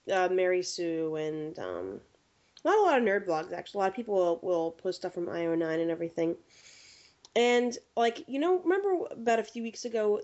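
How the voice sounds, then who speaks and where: A woman hosting a casual podcast chat, telling lively stories and acting out the people in them. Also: lowish voice, highs cut off. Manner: animated storyteller acting out quotes. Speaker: podcast host.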